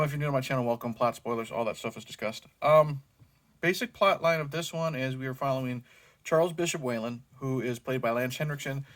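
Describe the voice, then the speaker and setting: Man, casual movie reviewer, rambling, filler-heavy, mid-pitched voice. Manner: rambling, many fillers and self-corrections. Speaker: movie review channel host.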